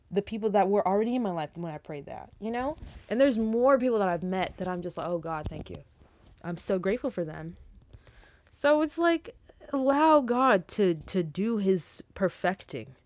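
A woman's voice: mid-range voice, darkish tone, no echo. A young woman giving a casual, rambling faith talk, preachy with joking asides, ending in a spoken prayer. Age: young adult. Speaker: Christian vlogger.

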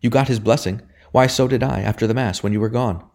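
A man's voice: medium pitch, fast, a little mellow, voice pushed up, natural voice. A man reading an audiobook voices an anxious, earnest young woman who asks urgent, pleading questions.

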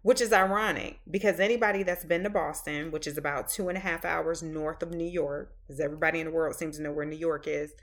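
Chatty Southern woman, low voice. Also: steady tone, a bit bright. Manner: rambling and chatty, many fillers, drawn-out phrases. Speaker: podcast host. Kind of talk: casual monologue.

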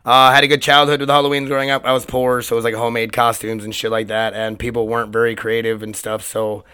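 A man hosting his own solo podcast, his voice hoarse and cracking, rambling in a loose, chatty way with plenty of swearing. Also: medium pitch, little pitch movement, fast talker, sharp tone. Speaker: podcast host. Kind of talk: casual solo podcast monologue.

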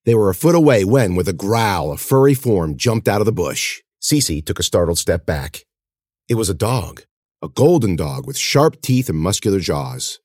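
A man reading a horror story aloud as narrator, with dramatic, measured storytelling. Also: deep voice, darkish tone, dry recording, studio quality.

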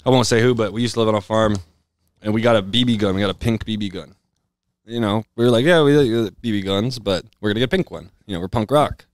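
A man's voice: lowish voice, fast, no room sound, studio quality. A man from Western Massachusetts, a guest in a casual interview, telling rambling stories full of fillers in a house. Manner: loose storytelling with lots of fillers. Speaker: guest rapper. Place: house, indoors.

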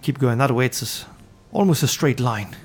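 A man running a tabletop game as game master, voicing a merchant in a relaxed, chatty way. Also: medium pitch, fairly quick, husky, faint music behind.

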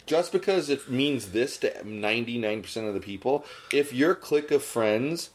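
A man with a mid-range voice and moderate pace hosts a podcast full of casual, animated ranting. He gets worked up, and his voice jumps up sharply when he's indignant.

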